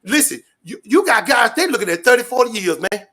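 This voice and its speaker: A man ranting loudly and profanely in street slang, rambling and repeating his catchphrases. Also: very high voice, sing-song, brisk. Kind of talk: animated rant to an interviewer.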